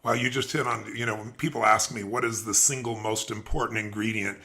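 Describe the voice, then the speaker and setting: A man's voice: on the low side, fairly even intonation, fairly quick, sharp tone. A man hosting an interview and making emphatic, sweeping motivational points to his guest. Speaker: interviewer host. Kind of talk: motivational conversation.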